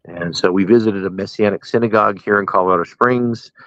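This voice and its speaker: A man's voice: fairly low pitch, fairly quick, fairly bright tone, no echo, highs cut off. A middle-aged man, a pastor, telling stories from his life in a casual interview and laughing at his own jokes.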